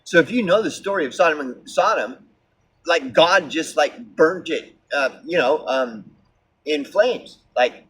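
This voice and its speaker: A man's voice: a little high, expressive, unhurried, fairly bright tone, husky. A man delivering a heated, sarcastic and profane ranting monologue, full of fillers like "like" and "you know.". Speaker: vlogger. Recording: distant mic with faint background hiss.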